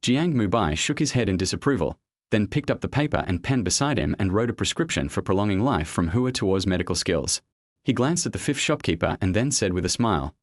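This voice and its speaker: A man reading a serialized story as narrator in an even storytelling manner. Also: lowish voice, brisk, no echo, clean studio sound.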